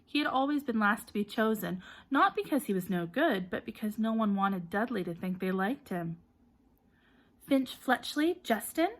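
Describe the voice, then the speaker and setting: A woman narrates an audiobook in a bright, forward voice. She reads in a lively way and gives called-out names and shouts plenty of energy. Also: medium pitch, moderate pace, few pauses. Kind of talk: storybook narration.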